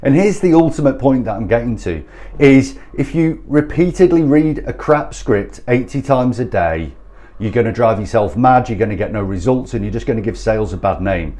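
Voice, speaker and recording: Blunt sales trainer ranting. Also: male voice, mid-range voice, animated, moderate pace, warm tone. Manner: blunt, exasperated, sweary. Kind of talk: ranting direct-to-camera address.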